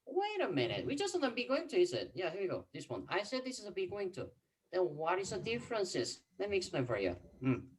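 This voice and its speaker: A man whose first language is Korean, teaching an online class over a video call. He repeats key phrases and fills pauses with "mm-hmm.". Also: sits high, huge pitch swings, husky.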